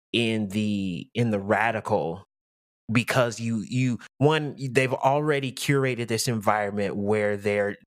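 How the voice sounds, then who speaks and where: A man's voice: on the low side, dry recording, clean studio sound. A man in a casual podcast discussion who talks reflectively and often restarts his sentences. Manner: reflective, speaks in halting restarts.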